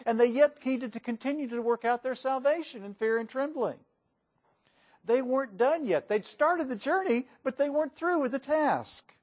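High-voiced folksy male preacher. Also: normal speed. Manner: folksy, emphatic, varies loudness for emphasis. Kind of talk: sermon. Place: church.

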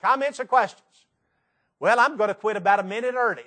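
Here a man with a Tennessee accent sermonizes before his congregation, voice sitting high and pace fairly quick. Animated throughout, he leans heavily on rhetorical questions.

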